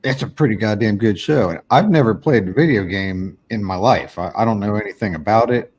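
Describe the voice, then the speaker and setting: A man's voice: fairly low pitch, a little fast, a little mellow. A man co-hosting a podcast, teasing his co-host in casual, profane banter.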